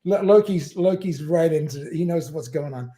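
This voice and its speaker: A man hosting a relaxed livestream, with a mellow, somewhat high-pitched voice. He rambles from one anecdote to the next and often chuckles along the way. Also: normal speed. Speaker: livestream host. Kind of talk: casual chat.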